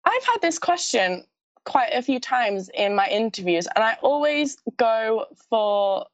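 A woman's voice: fairly high pitch, sing-song, measured pace, no echo, dull audio. Bubbly young woman with a dry sound. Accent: mild Scottish. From Scottish roots, moved to the UK at sixteen. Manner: bubbly, gushing, laughs often. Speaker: guest, pageant titleholder. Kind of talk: casual interview chat. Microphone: video call.

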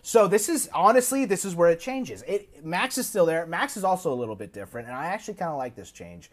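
Lively high-voiced man telling a story. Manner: animated, recounts plots with quick put-on quotes. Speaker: podcast guest. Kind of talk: casual storytelling chat.

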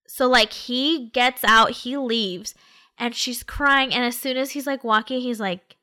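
Woman, bright, slightly high voice, casual animated storyteller full of "like"s and quoted lines. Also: unhurried. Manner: animated retelling with quoted voices and many fillers. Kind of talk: casual chat retelling a story.

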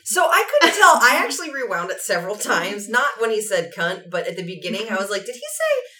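Woman, podcast co-host, casual chat, very lively pitch, bright voice, slightly distant mic. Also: brisk. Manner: animated, joking, self-deprecating.

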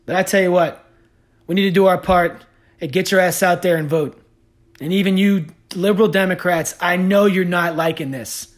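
A man's voice: sits high, fairly even intonation, normal speed. Heated, profane man ranting on a podcast. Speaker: podcast host.

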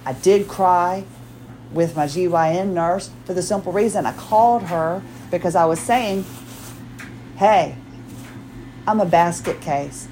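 A woman's voice: lowish voice, normal speed, mellow, slight background noise, low-quality recording. A woman in her forties hosting her own podcast, talking in a chatty, rambling way, often restarting her sentences and acting out quotes. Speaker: podcast host. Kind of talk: casual solo podcast chat.

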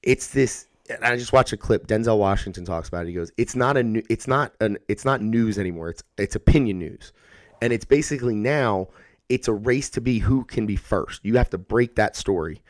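A man's voice: fairly low pitch, fairly quick, dry recording. 30s man, casual co-host, loose rambling delivery with lots of swearing, dry sound. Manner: rambling, animated, swears freely, acts out kids' voices. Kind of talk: casual chat.

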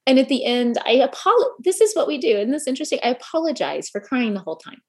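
A woman's voice: sits high, very animated, brisk, a little mellow. A middle-aged woman giving an earnest motivational talk to a gathering of women, often putting questions to the audience. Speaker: speaker addressing a women's gathering.

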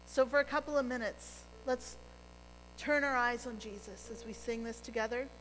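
A middle-aged woman preaching a sermon as pastor, earnest and gentle, dropping to a near hush on key phrases. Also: a little high, normal speed, big-room sound, slight background noise, low-quality recording.

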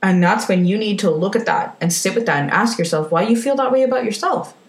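A woman's voice: medium pitch, brisk, reverberant. A woman giving a frank, emphatic motivational talk, swearing casually as she speaks. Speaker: self-help speaker.

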